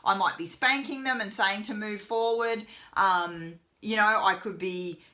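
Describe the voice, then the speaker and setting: Bright-voiced woman teaching horsemanship. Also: mid-range voice, unhurried. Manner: chatty, many fillers, voices the horse's thoughts. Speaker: horsemanship trainer. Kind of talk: live web lesson, casual teaching.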